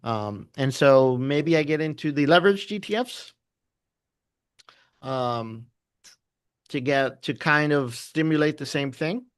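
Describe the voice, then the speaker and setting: A man's voice: a little high, slow pace, pauses often, smooth, no room sound, clean studio sound. Chatty man telling trading stories. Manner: animated storyteller, laughs often, acts out quotes. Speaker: options trader. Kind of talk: casual trading chat.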